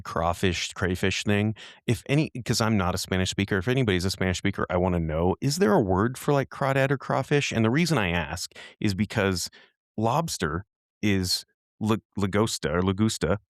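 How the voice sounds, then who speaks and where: A man co-hosting a podcast in casual chat, animated, curious and joking. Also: lowish voice, moderate pace, dry recording, clean studio sound. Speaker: podcast co-host.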